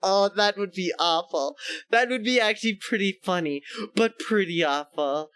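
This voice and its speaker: Guy streaming and chatting, laughs a lot, pretty high voice, dry close mic. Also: normal speed, fairly bright tone, clear, resonant tone, dry recording. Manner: laughs often, chatty and self-mocking. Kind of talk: casual live-stream chat.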